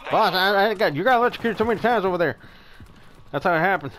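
A man's voice: high-pitched, animated, quick pace, fairly bright tone. A man playing an online shooter, joking crudely and swearing as he plays. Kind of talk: casual gameplay banter. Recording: gunfire game audio under voice.

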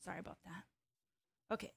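A woman teaching an online hula lesson, counting the beats, chanting cues and explaining moves in a friendly, joking way. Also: a little fast. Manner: friendly, explains with small jokes and laughs.

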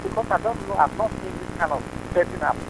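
High, fast, insistent man on a noisy call. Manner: insistent, repetitive, rising to shouting. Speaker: scammer on a phone call. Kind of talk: heated phone argument. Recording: very noisy phone call recording.

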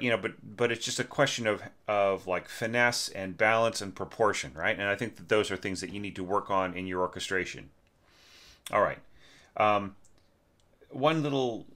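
A man teaching orchestration, talking through a student's score in a casual, conversational way with lots of fillers, while congested and clearing his throat. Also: deep voice, pushed and bright. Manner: conversational, many fillers and tag questions. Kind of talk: casual spoken score critique.

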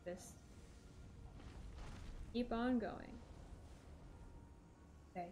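A woman's voice: on the high side, extremely slow, dark tone, slight background noise. A woman streaming a video game, giving casual gameplay commentary and talking to herself, swearing when things go wrong.

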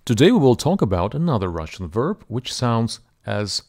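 A man teaching pronunciation in a scripted lesson, drawing out each example word slowly and deliberately. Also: fairly low pitch, very animated, a little mellow. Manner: slow, deliberate, drawn-out example words.

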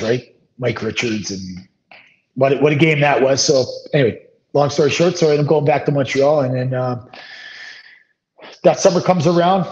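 A man, a former pro hockey player, telling a long anecdote as a guest, loose and rambling, full of ums and restarts. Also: mid-range voice. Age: 30s. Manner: rambling, relaxed anecdotes with many fillers. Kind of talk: casual storytelling interview. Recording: slightly dull lo-fi sound.

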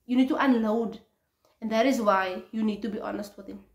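A woman's voice: on the high side, fairly quick. A young woman, giving a casual devotional talk on her channel in an earnest, conversational way, often restarting and repeating words. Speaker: faith vlogger. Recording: roomy echo.

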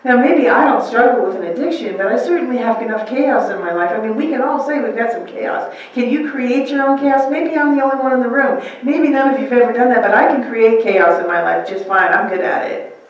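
A woman's voice: a little high, a little fast, distant mic, lo-fi sound. Woman pastor preaching in an echoey church. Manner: conversational, rhetorical questions, acts out quotes. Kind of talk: sermon. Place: church sanctuary.

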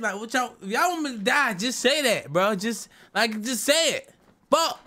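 High bright profane young man rambling. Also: expressive, moderate pace. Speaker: streamer reacting to videos. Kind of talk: casual reaction commentary.

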